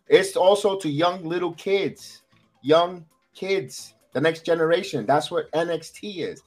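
A man hosting a wrestling recap podcast in casual chat, animated and repeating himself for emphasis. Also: high-pitched, normal speed, soft background music. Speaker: podcast host.

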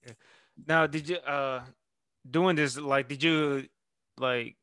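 A man hosting a casual interview, asking stumbling, halting questions. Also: medium pitch, steady tone, a bit bright, clear, resonant tone, no room sound.

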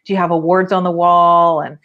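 A woman's voice: lowish voice, level tone, a little fast, dull audio. A woman guest on a podcast, a professional organizer and coach, speaking in an upbeat, candid, motivational way. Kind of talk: casual interview.

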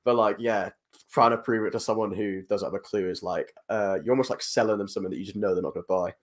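A man's voice: fairly low pitch, steady tone, fast. A man chatting casually on a podcast about covering fights, rambling with lots of fillers like "like" and "you know". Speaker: MMA journalist.

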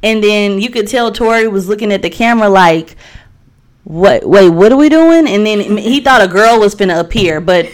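Woman co-host, giggly and animated storyteller, casual chat. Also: mid-range voice, normal speed. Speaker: podcast co-host.

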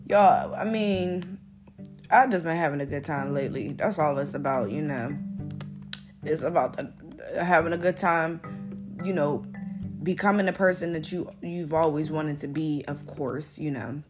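A woman's voice: sits low, unhurried, music in the background. A woman hosting her own podcast in a rambling, playfully boastful monologue, with an American accent that mixes northern and southern sounds. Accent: American, mixing northern and southern. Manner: chatty, rambling and playfully boastful, addresses listeners as y'all. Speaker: podcast host. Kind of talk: casual solo podcast monologue.

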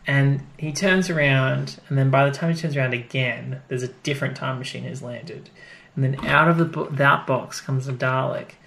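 A man with a gravelly, creaky voice co-hosts a casual podcast chat. He retells the plot scene by scene, slipping into the characters' lines as he goes. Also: medium pitch, steady tone, normal speed, fairly bright tone. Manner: chatty, acts out characters' lines while retelling. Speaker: podcast co-host. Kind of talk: casual chat recapping an episode.

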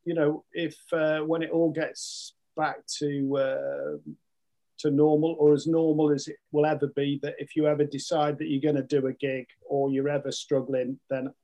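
A man's voice: a little high, little pitch movement, moderate pace, mellow. An older man, a retired podcast guest, speaking in casual chat with many hesitant fillers.

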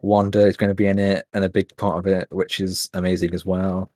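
A young man with a low, deep voice chats eagerly on a podcast, rambling with plenty of fillers. The sound is dry and close, with no room around it. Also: little pitch movement, a little fast, dark tone, dry recording. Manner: enthusiastic, rambling with many fillers. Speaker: podcast co-host. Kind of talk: casual chat.

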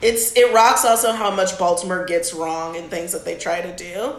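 A woman's voice: on the low side, steady tone, moderate pace, a little hiss or hum. A woman chatting casually in a group, telling stories loosely and laughing often. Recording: roomy echo.

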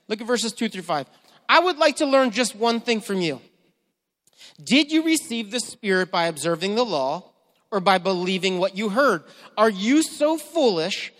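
A man preaching a sermon as pastor, swinging between quiet, measured reading and fervent, emphatic questions. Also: high-pitched. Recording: long hall reverb.

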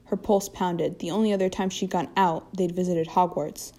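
A woman reading a story aloud at a steady pace, with occasional slips and restarts. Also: lowish voice, normal speed, few pauses. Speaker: fanfiction reader.

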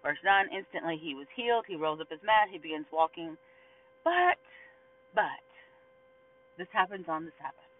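A man giving a casual, chatty Bible teaching, animated and quick to laugh. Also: fairly high pitch. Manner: chatty, animated, laughs often, mimics whiny voices. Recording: tinny phone-like sound, distant mic.

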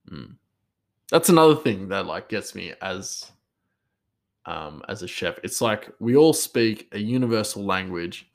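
Male chef, casual podcast monologue; lower pitch, hesitant, rambling, laughs easily.

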